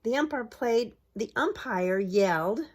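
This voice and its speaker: A woman's voice: fairly high pitch, expressive, measured pace. A middle-aged woman who runs a preschool, reading a picture book aloud to young children and asking them questions as she shows the pages. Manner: asks young listeners questions and points at pictures; bright exaggerated voice for cheering lines. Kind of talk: children's story time read-aloud.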